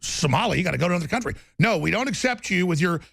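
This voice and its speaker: A man's voice: high-pitched, lively intonation, rapid-fire, vocal fry, fairly bright tone, breathy edge, no room sound, clean studio sound, full character voice. A man imitating a blunt, dismissive male politician in his own voice.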